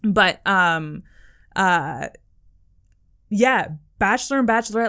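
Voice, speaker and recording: Woman, podcast co-host, casual chat, rambling, filler-heavy, mid pitch. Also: moderate pace, fairly bright tone.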